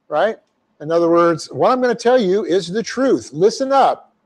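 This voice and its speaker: Male Bible teacher, slightly high voice, methodical Greek grammar lecture, repeats phrases for emphasis. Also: animated, normal speed. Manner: explains Greek grammar step by step, dictating punctuation. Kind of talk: verse-by-verse Bible class lecture.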